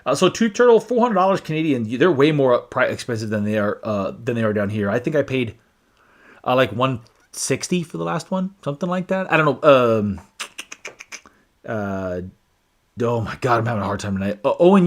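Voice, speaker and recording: A man hosting a casual live stream about whiskey, chatting with viewers and reading their comments aloud with frequent restarts. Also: mid-range voice. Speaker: whiskey channel host.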